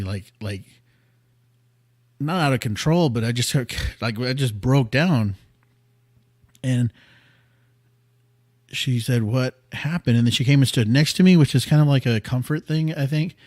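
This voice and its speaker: A man's voice: medium pitch, no room sound. Earnest man rambling into a dry mic. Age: 30s. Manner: rambling, earnest, often drops quiet. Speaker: podcast host. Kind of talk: personal storytelling. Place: small studio room.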